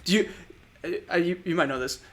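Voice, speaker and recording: A man's voice: high-pitched, fairly quick, fairly bright tone. A man co-hosting a podcast, chatting casually about movies, rambling, trailing off and laughing often. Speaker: podcast co-host.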